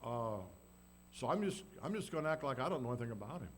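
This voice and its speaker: A man's voice: mid-range voice, expressive, fast, rough recording. A man preaching a sermon in a folksy, storytelling way, acting out the people in the story. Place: church. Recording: faint background noise and hum.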